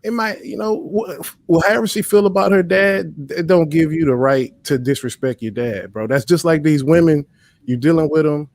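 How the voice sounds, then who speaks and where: Live-stream host, male, heated and profane storyteller, slightly high voice. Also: normal speed, a little mellow, no room sound. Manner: profane, emphatic, storytelling rants. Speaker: livestream host. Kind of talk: heated casual commentary.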